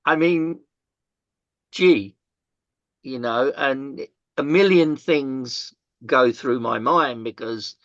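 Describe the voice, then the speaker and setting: An older man, telling his story as an interview guest, halting with many fillers and restarts and the odd swear word. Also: medium pitch, dry recording, muffled recording. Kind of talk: candid storytelling in conversation.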